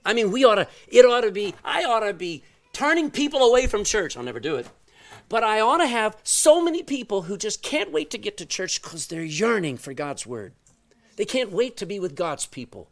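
A middle-aged male pastor preaching a sermon, telling a story with loud exclamations and quiet asides. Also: sits high, big pitch swings, normal speed.

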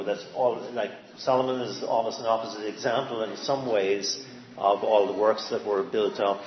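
A man's voice: on the low side, reverberant. Guy giving a sermon, lots of uhs and restarts, faint room hum behind. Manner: halting, many fillers and restarts. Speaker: lay preacher. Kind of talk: informal sermon. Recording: dull lo-fi sound with faint ambience.

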